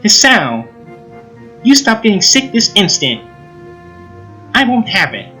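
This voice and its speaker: A man's voice: on the high side, drawn-out words, sharp tone, soft background music, heavily acted. A man voicing a cheerful, bossy teenage girl who runs, in a perky and haughty manner, reading a visual novel aloud.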